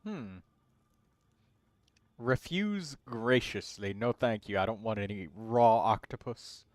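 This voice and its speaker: A man streaming a game, reading game text aloud in a relaxed way as casual gameplay commentary. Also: on the low side, slow pace, no room sound.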